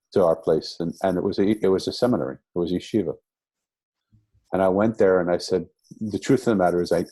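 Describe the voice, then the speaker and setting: A man's voice: low-pitched, mellow, breathy edge, no echo. An older man, a rabbi, telling his life story in an interview, reflective and rambling with many restarts. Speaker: guest, rabbi.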